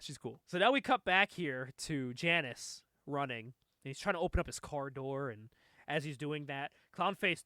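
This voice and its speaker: A man's voice: fairly high pitch, bright, forceful tone, no echo, studio quality. A man hosting a casual comic review podcast, recapping animatedly, laughing often and acting out quotes.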